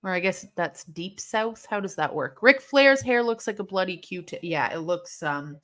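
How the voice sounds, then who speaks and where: A young woman hosting a live watch-along stream, reacting aloud to a match with excitable, swearing commentary. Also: lowish voice, moderate pace. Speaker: livestream host.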